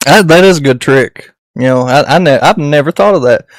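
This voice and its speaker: This is a man hosting a podcast with a slightly raised pitch and an easygoing, folksy way of asking questions. His voice is dry and close. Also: brisk, no echo. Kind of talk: casual chat.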